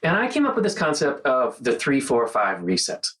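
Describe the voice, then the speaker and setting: A man hosting a casual mindfulness monologue, talking earnestly and guiding the listener through slow counted breathing. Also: mid-range voice, wildly swooping pitch, fairly bright tone, low-quality recording. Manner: earnest, conversational, guides breathing with counted pauses. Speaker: host.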